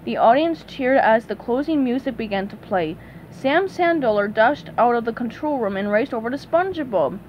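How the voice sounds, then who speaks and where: High, lively woman reading a storybook. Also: normal speed, dull audio, slight background noise. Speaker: storybook reader. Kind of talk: reading a children's storybook aloud.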